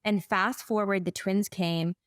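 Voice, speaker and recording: A woman in her forties speaks as a guest in a podcast conversation, telling her story with lively energy. She often acts out what she said and thought back then. The sound is dry and close. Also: mid-range voice, a little slow, no echo. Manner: animated storyteller who acts out her own past words. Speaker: guest, business coach for therapists. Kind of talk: casual podcast interview.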